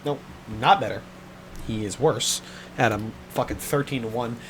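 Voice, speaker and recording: A man's voice: mid-range voice, moderate pace, slight background noise. A man giving casual sports betting talk in a blunt, profane, exasperated way, tired and yawning from a sore throat.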